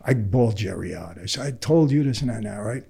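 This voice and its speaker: This older New Yorker's voice is lowish, gravelly and a bit breathy, and he talks a little fast. As a podcast guest he spins a long conversational story, animatedly voicing everyone else's lines.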